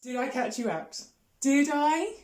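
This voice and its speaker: Woman, music teacher, encouraging, rhythm drills, fairly high voice, roomy echo. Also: animated, measured pace, darkish tone. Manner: encouraging, sings and claps rhythms. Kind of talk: online music lesson.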